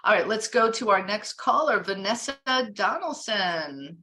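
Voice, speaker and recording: A woman's voice: mid-range voice, lively intonation, unhurried, sharp tone. A woman hosting a live call-in show, upbeat and affirming, announcing classes and taking callers. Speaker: host.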